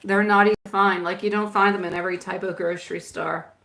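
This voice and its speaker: A woman hosting a live tarot stream, chatting warmly with viewers and mixing in Italian words and pet names. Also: lowish voice, flat delivery, fast, creaky. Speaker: tarot reader.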